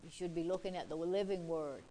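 A woman's voice: lowish voice, fairly quick, dark tone, slight background noise, low-quality recording. Woman preacher, emphatic sermon delivery, repeats for emphasis, quotes scripture.

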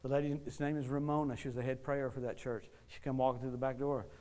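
A man preaching a sermon, telling stories in a folksy, animated way, often repeating words as he gets excited. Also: mid-range voice, fast talker. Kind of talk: storytelling sermon.

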